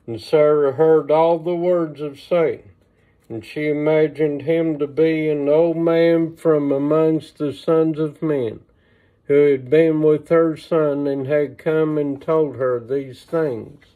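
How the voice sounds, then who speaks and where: A man reading an old religious text aloud on a livestream, slow and measured, with small asides, recorded on a phone. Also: fairly high pitch, fairly even intonation. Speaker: reader. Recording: tinny phone-line sound.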